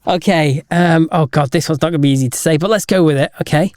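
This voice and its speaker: A man co-hosting a casual podcast, telling jokes deliberately and chuckling at his own punchlines. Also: fairly high pitch, a little mellow, no room sound, clean studio sound. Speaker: podcast co-host.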